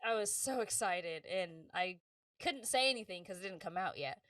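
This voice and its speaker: A woman voice actress, a guest on a podcast interview, telling stories in a lively, casual way and acting out the people she quotes. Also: fairly low pitch, moderate pace, distant mic, slight background noise. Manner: animated, acts out quoted voices, laughs often.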